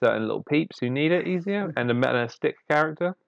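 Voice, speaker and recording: A man's voice: on the high side, lively intonation, fast, gravelly, no echo, dull audio. A man co-hosting a podcast, chatting casually and analytically about a card game, often laughing. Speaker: podcast co-host.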